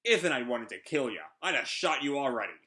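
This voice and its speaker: A man voicing a calm, blunt male ex-gang member from a manga, speaking in a matter-of-fact way. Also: medium pitch, quick pace.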